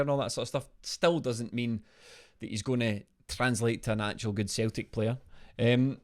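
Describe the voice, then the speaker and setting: A man's voice: mid-range voice, steady tone, moderate pace, hardly any pauses. A Scottish man co-hosting a live fan stream from home, joking, laughing a lot and reading out viewer comments. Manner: jokey, laughs often, Scottish slang. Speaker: podcast co-host. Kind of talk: lively live-stream banter. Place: home video call.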